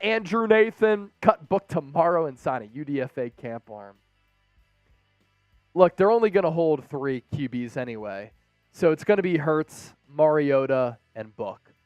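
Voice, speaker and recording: Man, sports stream host, high voice, smooth tone, dry close sound, hyped chat with viewers. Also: dry recording, lo-fi sound. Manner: hyped, talks straight to the viewers. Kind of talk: casual live-stream chat reading viewer donations.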